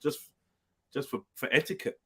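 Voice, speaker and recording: A man's voice: normal speed, sharp tone. A man hosting a casual livestream chat. He talks in loose, teasing street slang. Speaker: livestream host.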